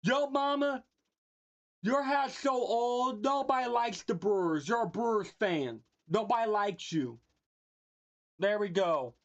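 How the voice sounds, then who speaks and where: Woman streamer, slightly high voice, unhurried playful roasts. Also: lively intonation, muffled recording. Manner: teasing, mock-insulting, laughing at own jokes; talks to chat and a friend off-mic. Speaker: livestreamer. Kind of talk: casual livestream roasting.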